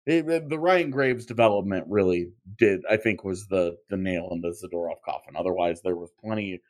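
Man, podcast co-host, casual sports chat, somewhat low voice, thinks aloud with restarts. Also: a little fast, darkish tone.

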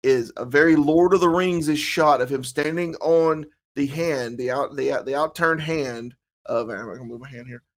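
A man with a Southern US accent from south Alabama, co-hosting a casual podcast chat, animated, laughing often and restarting his sentences. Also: fairly high pitch, normal speed, hardly any pauses. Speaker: podcast co-host.

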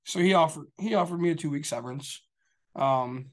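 Man, slightly higher voice, rambling casual chat, swears a lot, lots of fillers. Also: a little fast. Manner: rambling, profane, filler-heavy storytelling. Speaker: show regular.

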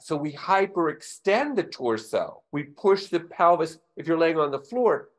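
A man, a trauma expert as guest, patiently explaining step by step in an interview. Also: on the high side.

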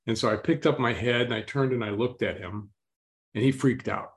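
Man, interview guest, storytelling, slow, calm, throat-clearing. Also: mid-range voice.

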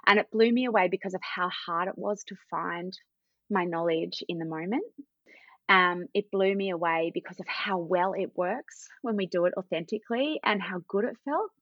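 Australian woman, 30s, low voice, dry slightly muffled podcast audio; storyteller. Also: normal speed, no echo. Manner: warm anecdotal storytelling, acts out quoted dialogue. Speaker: parenting guest, parent educator. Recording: dull, slightly lo-fi dry sound.

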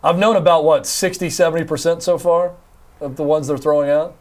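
A man's voice: on the high side, fairly even intonation. A man co-hosting a sports talk show, bantering and joking while naming celebrities. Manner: joking, quick reactions. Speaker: show co-host. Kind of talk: casual banter.

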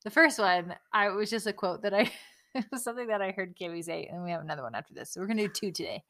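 A woman in her thirties from California, co-hosting a parenting podcast, easygoing and quick to laugh. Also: medium pitch, a bit bright, no room sound, studio quality. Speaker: podcast co-host. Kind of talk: casual chat.

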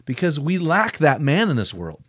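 A man hosting a faith-focused podcast interview, enthusiastic and quick to quote authors. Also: on the high side, wildly swooping pitch, no echo, clean studio sound. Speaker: podcast host.

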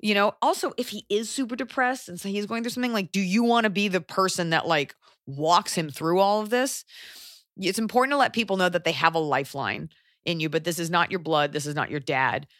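A woman co-hosting a podcast, giving casual advice in a rambling, animated way and swearing freely. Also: lowish voice, brisk, no echo, clean studio sound. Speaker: podcast co-host. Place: Los Angeles area.

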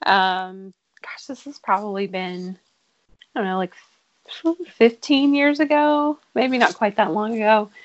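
A woman tells a personal story in casual chat, animated and laughing often. Her pitch sits mid-range. The audio is slightly dull and lo-fi. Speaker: podcast guest.

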